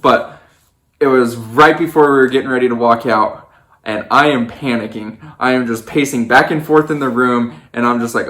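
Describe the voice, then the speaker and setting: A man's voice: normal speed, reverberant. A young man casually recounting his wedding day as a storytime, acting out what people said. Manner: animated storyteller, acts out quotes in a higher voice.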